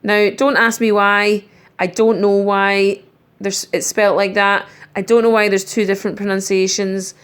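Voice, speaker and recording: A middle-aged woman gives a recorded spelling lesson at an unhurried pace. Her pitch sits mid-range as she carefully spells out letters and pauses on ums. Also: little pitch movement, clean tone. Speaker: primary school teacher.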